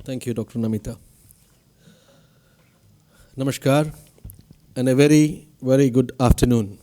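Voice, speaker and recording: Speaking as the institute's director, a man with an Indian English accent delivers a formal convocation address, putting questions to the audience. His voice is medium-pitched, dark, and a little slow. He's picked up by a podium mic in a ceremony hall.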